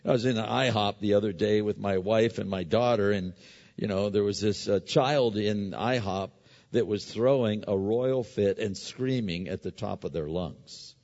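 A middle-aged pastor with a voice on the high side and a darkish tone preaches a conversational sermon, weaving in stories and frequently restarting. The recording sounds dull and carries long hall reverb.

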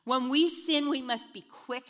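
A woman's voice: sits high, measured pace. Chatty woman teaching a Bible study. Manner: chatty and animated, retelling stories with voices. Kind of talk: casual devotional teaching.

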